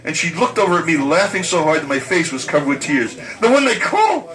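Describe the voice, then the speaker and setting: A man telling a long personal story, animated and often chuckling. His voice sits a bit high and rings bright and forceful. He leans into the comic turns with relish. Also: quick pace, poor audio. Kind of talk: recited personal story before an audience.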